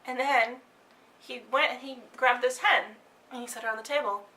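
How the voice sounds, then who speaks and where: A woman telling a fairy tale with lively delivery, sometimes dropping to a whisper for suspense. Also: on the high side, normal speed. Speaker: storyteller.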